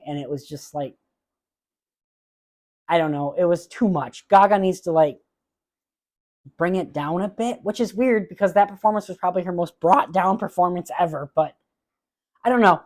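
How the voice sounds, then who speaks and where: A man hosting a solo movie podcast, chatting casually and giving blunt opinions with frequent filler pauses. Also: sits high, darkish tone. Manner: openly emotional about awards moments.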